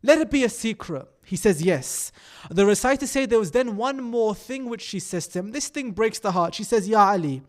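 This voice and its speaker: A man delivering a mourning sermon, recounting dialogue in a hushed, grieving tone that rises to an impassioned plea. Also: sits high, expressive, moderate pace. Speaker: preacher.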